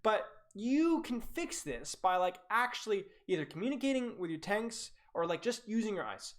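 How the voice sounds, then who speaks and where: A man's voice: high-pitched, very animated, normal speed, hardly any pauses. A young man coaching a team over a live stream, reviewing their gameplay with blunt, teasing critique and lots of casual fillers. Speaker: game coach.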